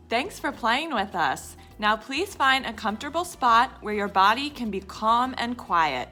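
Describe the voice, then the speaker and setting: A woman's voice: fairly high pitch, lively intonation, measured pace, hardly any pauses, sharp tone, faint music behind. A woman leading children through a jumping game, upbeat and instructive. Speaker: children's activity leader. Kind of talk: leading a movement game for kids.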